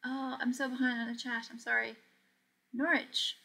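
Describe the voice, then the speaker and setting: A young woman with a slightly high voice chats through a live sewing stream. She reads viewers' comments aloud, laughs often, and keeps an easygoing, friendly patter going while she works. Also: flat delivery, moderate pace, vocal fry, sharp tone. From Portugal. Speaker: sewing livestream host.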